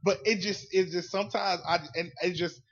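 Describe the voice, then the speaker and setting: A man's voice: high-pitched, fairly even intonation, brisk. A man with a Southern US accent co-hosting a casual podcast, talking bluntly and profanely and rambling through stories. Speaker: podcast co-host. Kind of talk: casual storytelling chat. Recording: dull lo-fi audio.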